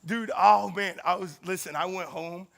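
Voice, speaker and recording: A high-pitched man tells a funny story from the pulpit, acting out the voices of the people in it. His voice is bright and forceful with a gravelly edge. He laughs often as he talks. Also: steady tone, moderate pace. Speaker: campus ministry speaker. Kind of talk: storytelling sermon.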